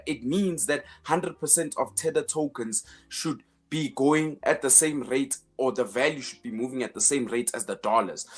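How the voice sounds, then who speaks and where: Husky man explaining finance emphatically. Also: medium pitch. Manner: emphatic, repeats words while building a point; sarcastic asides. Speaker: finance show host. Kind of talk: casual explanatory commentary.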